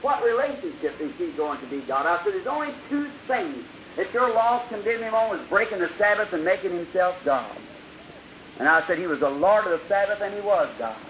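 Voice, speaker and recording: High-voiced preacher on a hissy old recording. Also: male voice, expressive, brisk. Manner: storytelling, acting out dialogue with sudden loud bursts and soft drops. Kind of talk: old-time revival sermon. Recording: dull lo-fi archival recording with hiss.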